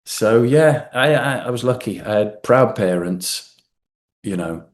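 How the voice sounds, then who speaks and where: A man, an actor chatting as a podcast guest, telling animated anecdotes and laughing often. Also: medium pitch, a little slow. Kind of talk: casual chat.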